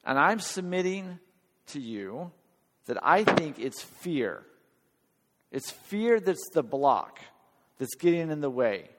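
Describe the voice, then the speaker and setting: An earnest, conversational male preacher who talks slowly and pauses to check in with his congregation. His voice sits a little high for a man, and a long hall reverb trails after his words. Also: big pitch swings. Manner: earnest, conversational, questions the audience. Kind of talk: sermon.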